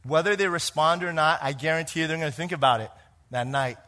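Preaching fast to his congregation, a pastor speaks in a slightly high voice with a bright, forceful edge. His sermon swings from quiet, hushed lines to emphatic ones, and he often turns to the people with questions.

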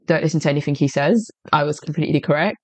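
A woman's voice: deep voice, very fast, breathy edge, no echo. A woman hosting a podcast in casual chat, brash and teasing, laughing often. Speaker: podcast host.

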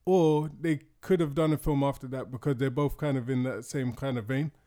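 A man's voice: mid-range voice, fairly even intonation, brisk, dark tone. A man co-hosting a casual film podcast, agreeable and hesitant, with frequent fillers. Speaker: podcast co-host.

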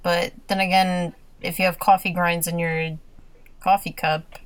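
Low-voiced woman, hesitant and casual. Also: flat delivery, measured pace, a little hiss or hum. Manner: hesitant, hedging, soft laughs. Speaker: podcast co-host. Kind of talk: casual chat about a TV show.

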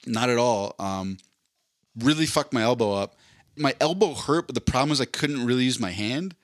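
Telling a drawn-out story on his podcast, a host in his forties rambles, swears, and leans on fillers and restarts. He speaks at a moderate pace in a medium pitch with lively intonation, captured in a dry, clean studio recording.

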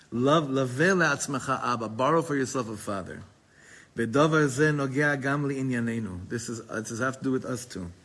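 A man's voice: mid-range voice, a bit bright, breathy edge. A man teaching a Torah class, reading Hebrew passages aloud and explaining them in casual, digressive English. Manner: digressive, talkative, with frequent restarts.

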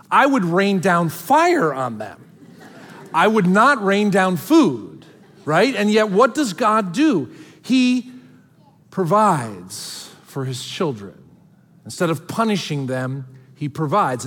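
A young man preaches in a lively, high voice that swings up and down as he talks. He reads scripture, then drops into easy, joking asides. His sermon rings out with a long reverb through a church hall. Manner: animated, conversational, jumps between scripture reading and joking asides. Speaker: pastor.

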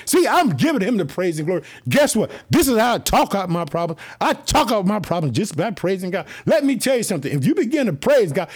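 A man from Chicago preaching a lively podcast sermon, fervent and excited, often shouting his praises. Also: high voice, slightly rough. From Chicago, United States.

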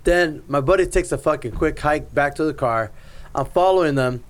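A man's voice: fairly high pitch, moderate pace. A man co-hosting a podcast, telling a story with lots of swearing. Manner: profane storytelling, animated. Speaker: podcast co-host. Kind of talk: casual chat.

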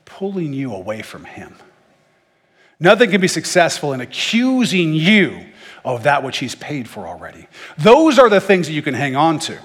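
A man's voice: on the high side, wildly swooping pitch, moderate pace, long reverb tail. A man teaching through Bible verses in a casual, conversational way, with joking asides.

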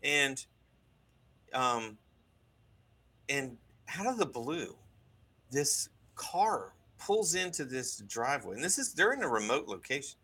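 A man telling a story in casual conversation, animated, with many restarts and asides. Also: medium pitch, takes it slowly, pauses often, breathy edge. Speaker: guest recounting a deliverance.

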